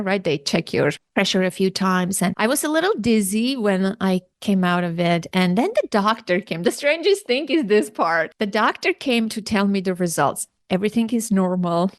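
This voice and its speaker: Woman podcast host, animated storyteller, dry close-mic sound. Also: no echo. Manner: animated, acts out quoted dialogue with big pitch jumps. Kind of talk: personal storytelling monologue.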